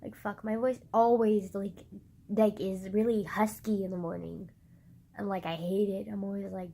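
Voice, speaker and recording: A woman vlogging to her phone's front camera, rambling casually with a squeaky voice gone slightly husky from being sick. She is loud and giggly, swears freely, and pokes fun at herself. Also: fairly even intonation, normal speed, a little hiss or hum. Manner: loud, giggly, swears a lot, self-mocking.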